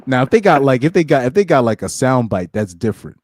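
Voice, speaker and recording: A man's voice: medium pitch, big pitch swings, fast, darkish tone. A man hosting a casual podcast chat, laid-back and slangy, chuckling between points. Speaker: podcast host.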